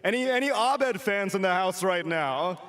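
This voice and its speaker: A man from the United States hosting a live esports event, energetic and joking. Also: high-pitched, moderate pace, background noise. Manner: energetic, joking, hyping the crowd. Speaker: esports broadcast host. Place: convention center stage. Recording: loud live crowd behind.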